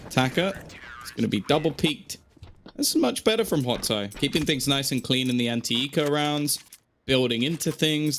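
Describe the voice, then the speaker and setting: Guy casting a counter-strike match, jokey asides, mid pitch, bit of hiss. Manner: chatty, joking, quick asides. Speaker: esports caster. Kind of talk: play-by-play esports commentary.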